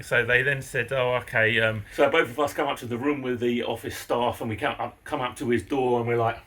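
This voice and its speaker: A man's voice: medium pitch, steady tone, fairly quick, hardly any pauses, a bit bright. A man from England with an English accent, telling a story to camera in a casual vlog, swearing casually and laughing often. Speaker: vlogger.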